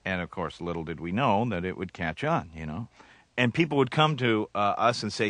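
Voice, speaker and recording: Man, comedian guest, wry rambling stories, low forceful voice, dry close sound. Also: expressive, fairly quick, no echo. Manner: wry, rambling, chuckling storyteller. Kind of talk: casual interview talk.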